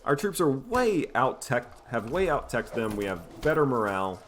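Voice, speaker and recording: A man casually commentating his own strategy game playthrough in a relaxed, wry, self-mocking way. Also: mid-range voice, normal speed. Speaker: gameplay commentator. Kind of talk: casual let's-play commentary.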